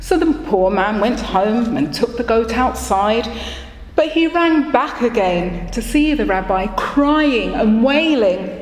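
Brief: female storyteller, unhurried and expressive, long reverb of a large hall. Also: fairly high pitch. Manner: slow, expressive. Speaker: storyteller in a worship service. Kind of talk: told story.

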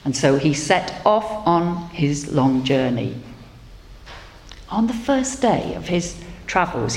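A woman telling a folk tale to a group in a large hall, gentle with wry asides. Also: low-pitched. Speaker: storyteller. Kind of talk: storytelling to an audience. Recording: echoey hall, faint noise.

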